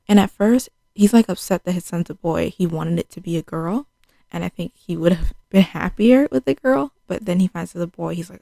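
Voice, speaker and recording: Young woman, casual TV review vlogger, gravelly low voice, talky and loose with "like" fillers. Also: a little fast, warm tone, dry recording. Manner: chatty, fills speech with "like", acts out quotes. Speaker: TV show reviewer. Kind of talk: casual spoken show recap.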